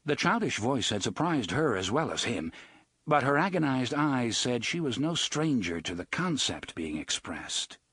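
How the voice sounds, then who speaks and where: A man giving an expressive, dramatic audiobook narration on a close studio mic. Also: medium pitch, normal speed, breathy edge, dry recording.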